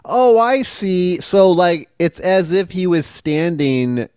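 A man's voice: high voice, lively intonation, slow pace, darkish tone, clean tone, dry recording. Easygoing, joking man in dry sound. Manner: joking, easygoing, defends the comic. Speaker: podcast co-host reviewing a comic. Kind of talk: casual joking chat.

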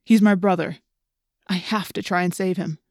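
A woman voices an earnest, worried teenage boy who pleads as he speaks. Her voice is fairly low, steady and a little mellow, at a normal speed and close to an everyday voice, recorded dry with studio quality.

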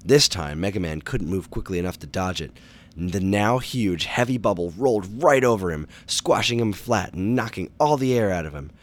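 Low-voiced male narrator, children's storybook reading, steady and expressive. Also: moderate pace.

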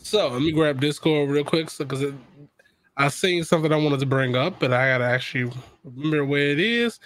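Male podcast co-host, slightly high voice, casual and excitable, quick to laugh. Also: no room sound. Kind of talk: casual chat.

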